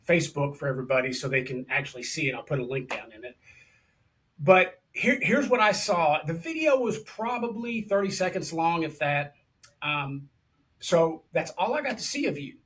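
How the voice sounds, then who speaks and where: An enthusiastic male podcast host, talking in a loose, casual way and calling his guest brother. His voice sits a bit higher than most men's. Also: lively intonation, moderate pace, a bit bright. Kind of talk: casual interview chat.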